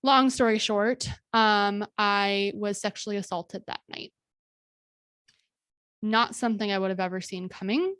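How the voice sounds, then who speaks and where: A woman podcast host telling her own story in an earnest, candid monologue, halting often with fillers and restarts. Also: medium pitch, a bit bright, dry recording, clean studio sound.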